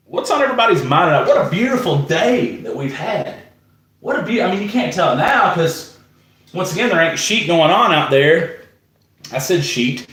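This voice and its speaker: A man's voice: medium pitch, echoey room. A man chatting casually on a live stream, greeting viewers by name in a laid-back way. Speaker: live stream host and musician.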